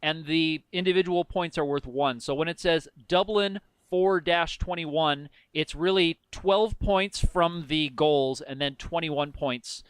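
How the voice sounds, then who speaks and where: Smooth, clear-voiced man explaining sports. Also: on the high side, a little slow, few pauses, no room sound. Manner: explains at length, precise. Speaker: podcast co-host. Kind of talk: casual sports chat.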